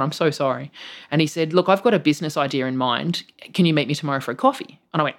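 Swearing Australian comedian telling stories. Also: rapid-fire. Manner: animated, swears freely, jumps into high-pitched acted quotes. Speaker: stand-up comedian, guest. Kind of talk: casual storytelling in conversation.

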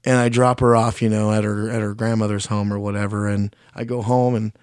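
A man's voice: fairly low pitch, flat delivery, brisk, a little mellow, no echo, studio quality. A man telling a long story in casual chat, blunt and frank, swearing often and rambling, and openly critical of himself. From Mexican heritage.

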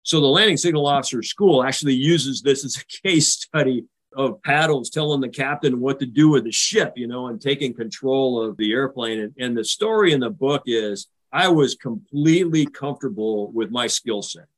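An older American man, a retired naval officer, recounts a tense carrier landing in a vivid, animated way during a podcast interview. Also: medium pitch, moderate pace, hardly any pauses, rough recording. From United States. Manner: vivid, animated retelling, acting out radio calls. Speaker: guest.

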